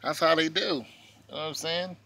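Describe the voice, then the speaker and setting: A man ranting casually in a vlog from his porch, animated and mocking, often laughing. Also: fairly high pitch, fairly quick, a little hiss or hum. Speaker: vlogger. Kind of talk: casual opinion rant.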